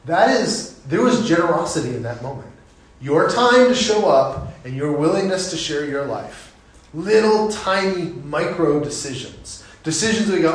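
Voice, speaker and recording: A man's voice: a little high, expressive, moderate pace. A middle-aged male pastor preaching a sermon in a church sanctuary, earnest and conversational, encouraging the listeners. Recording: very echoey sanctuary.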